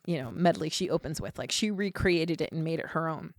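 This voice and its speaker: A woman's voice: deep voice, fairly quick, dry recording. Chatty woman, dry close sound. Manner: animated storyteller, acts out quotes in voices; many fillers like "like" and "you know". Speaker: podcast guest. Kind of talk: casual chat.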